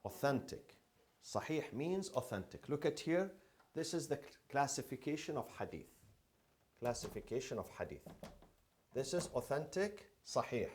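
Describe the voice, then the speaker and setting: A man teaches a classroom lecture. He keeps asking the class questions and repeats each key term several times, and his pitch swings widely. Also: sing-song, normal speed, a little hiss or hum.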